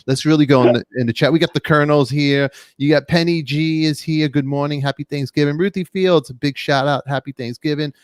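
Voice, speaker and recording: Brash joking host, male, dry close mic, calls out chat viewers rapid-fire. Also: on the high side, dry recording. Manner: loud, joking, rapid shout-outs to chat. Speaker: podcast host. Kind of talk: lively live-stream chat.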